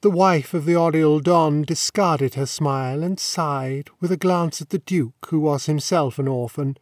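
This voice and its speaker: High-voiced male audiobook narrator. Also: no echo, clean studio sound. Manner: measured, wry, elegant phrasing. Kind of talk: scripted narration of a classic novel.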